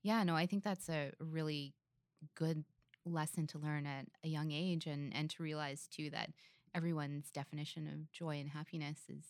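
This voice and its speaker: Low-voiced woman hosting an interview. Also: steady tone, normal speed, darkish tone, no echo, studio quality. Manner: attentive, frequent short affirmations. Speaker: podcast host.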